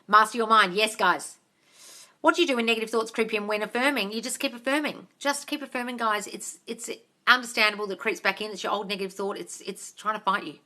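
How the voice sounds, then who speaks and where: A woman's voice: medium pitch, quick pace, pushed and bright. An Australian woman hosting a live Q&A, reading viewers' comments aloud, calling them darling and swearing casually. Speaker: manifestation coach host.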